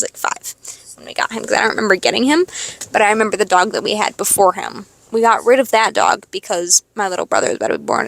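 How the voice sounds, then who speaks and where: In a casual confessional monologue, a young podcast host rambles through a personal story full of swearing. Her voice sits on the high side with a fairly bright tone, and there's no room sound.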